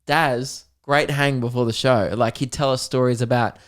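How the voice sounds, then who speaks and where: A man's voice: medium pitch, steady tone, normal speed. Young Australian man, podcast host, casual storytelling, frequent laughs. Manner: rambling, laughs often, quotes people in put-on voices. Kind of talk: casual chat.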